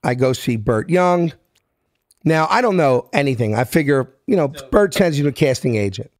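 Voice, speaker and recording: A middle-aged man from South Philadelphia with a Philadelphia accent, a guest telling brash, animated stories and acting out the dialogue. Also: on the high side, moderate pace, dry recording. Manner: acts out dialogue in the stories, street-smart and brash. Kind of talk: animated storytelling.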